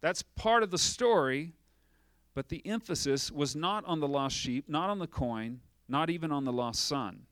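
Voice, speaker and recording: A male pastor preaches with energy, firing off rhetorical questions and acting out short scenes. His voice sits a little high for a man. The sound is dry and close, with no room echo. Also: expressive, normal speed, fairly bright tone. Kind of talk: sermon.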